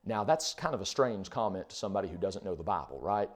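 A man's voice: deep voice, expressive, fast. A man preaching a sermon in a conversational way, full of rhetorical questions.

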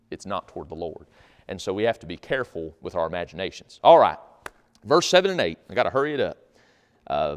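A man preaching a sermon in a folksy, conversational way, in a church hall. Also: lowish voice. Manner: folksy, conversational, acts out little scenes. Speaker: pastor. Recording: long hall reverb.

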